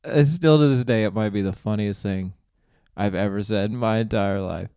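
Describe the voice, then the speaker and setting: A man's voice: lowish voice, normal speed, mellow, clean tone, no echo, clean studio sound. A young man hosting a podcast, rambling through a comic story and laughing at his own jokes. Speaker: podcast host. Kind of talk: casual comedic monologue.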